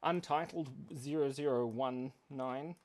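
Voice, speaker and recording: A man's voice: mid-range voice, a little slow, a little mellow. A man hosting a live drawing stream for kids, chatting playfully and rambling with self-mocking jokes. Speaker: livestream drawing host for kids. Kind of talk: casual live-stream chat.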